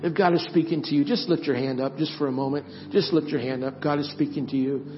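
Pastor, male, high voice, earnest storyteller who eases into soft prayer, a slightly muffled church recording. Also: fairly even intonation, fast, soft background music. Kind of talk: sermon and closing prayer. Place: church sanctuary.

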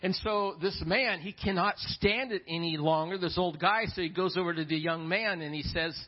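A pastor preaching a sermon in a church, talking in a folksy way with repeated words and storytelling asides. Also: male voice, high-pitched, moderate pace. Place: church sanctuary. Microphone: lapel mic. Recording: dull lo-fi church audio.

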